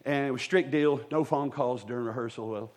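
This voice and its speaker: Before a live church congregation, a male pastor tells his own stories in a sermon, joking in a folksy manner and dropping quick asides to his listeners. He speaks at a medium pitch with a slightly mellow quality.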